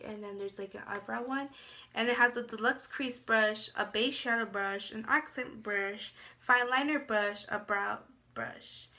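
A woman's voice: fairly high pitch, sharp tone, a little hiss or hum. A young woman chatting casually in a beauty haul video, rambling with lots of filler words. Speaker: beauty vlogger.

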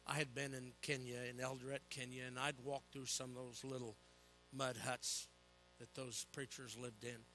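An older man preaching a sermon, telling animated personal stories with humor and calling for "Amen?" from the congregation. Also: mid-range voice, normal speed, soft background music.

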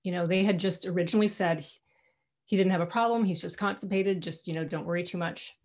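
Middle-aged woman talking over a video call from home, fairly low voice, candid, lots of restarts. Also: fairly even intonation, fast, darkish tone. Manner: candid and conversational, with frequent restarts. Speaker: guest speaker. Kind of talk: personal talk to an alumni audience. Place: her own home.

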